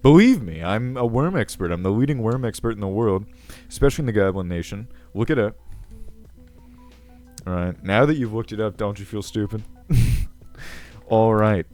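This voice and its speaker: A self-assured, ancient male goblin king played by a man rambles with a low, crackly voice. Faint music plays behind him. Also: animated, moderate pace, pauses often, darkish tone, natural voice. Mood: pompous. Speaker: video host. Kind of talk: character comedy Q&A.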